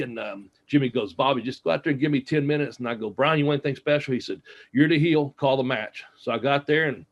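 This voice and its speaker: A man's voice: mid-range voice, a little fast, dull audio. Man telling rambling wrestling stories. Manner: rambling anecdotes with many fillers and quoted dialogue. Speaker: interview guest, former wrestler. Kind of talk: casual storytelling.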